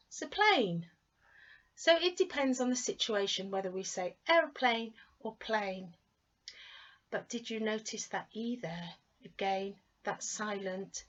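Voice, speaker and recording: A woman tutor takes her time over each word and spells out its ending with care. She speaks at an unhurried pace. Her voice comes through a dull, lo-fi recording. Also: a little high, a bit bright, far from the mic. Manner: slow, careful enunciation of word endings. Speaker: English tutor. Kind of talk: online English lesson.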